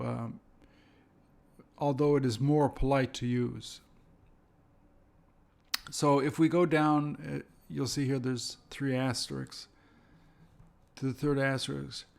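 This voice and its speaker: A man teaching an English lesson, speaking slowly and carefully and repeating example phrases. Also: mid-range voice, steady tone, gravelly, a little mellow. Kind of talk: slow, deliberate language lesson.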